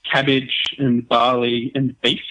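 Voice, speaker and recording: A man's voice: mid-range voice, flat delivery, slow pace, bright, forceful tone, rough recording. Polite guy calling in over skype, kinda hesitant. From Australia. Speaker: caller. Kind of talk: phone call into a podcast. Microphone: Skype call.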